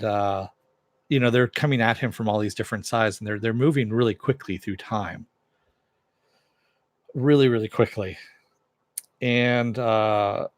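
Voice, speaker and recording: A man with a lowish voice talks through a TV episode recap in a loose, rambling way, often pausing on "uh" and "you know". The sound is close and dry, with no room around him. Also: no room sound. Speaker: TV episode reviewer.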